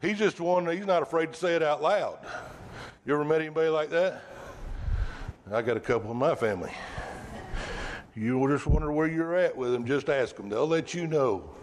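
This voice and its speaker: A man's voice: a little high, moderate pace, long pauses, a little hiss or hum. A male preacher delivering a sermon in a conversational way, asking the congregation rhetorical questions.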